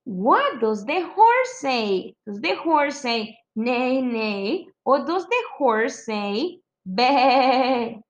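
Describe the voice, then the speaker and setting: A woman's voice: high-pitched, big pitch swings, extremely slow, hardly any pauses, lo-fi sound. A woman teaching young children a lesson in an exaggerated, sing-song manner, imitating animal sounds. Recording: clear background noise.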